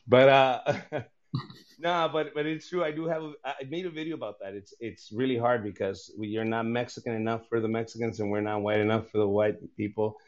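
A male comedian on a podcast talks bluntly and swears freely, laughing often between points. His voice sits at a middle pitch for a man. The recording sounds a little dull and lo-fi. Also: steady tone, brisk. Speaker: comedian guest. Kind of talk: casual podcast chat.

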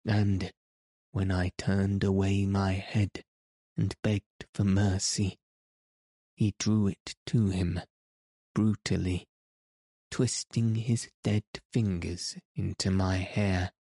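A man narrating an audiobook in a measured, solemn manner. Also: deep voice, flat delivery, dark tone, no room sound, clean studio sound.

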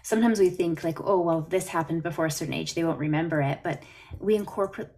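A woman's voice: fairly low pitch, fast talker, darkish tone. A woman from Canada, a therapist, talking earnestly on a podcast interview over a video call. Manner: earnest, explanatory, story-telling. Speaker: therapist guest.

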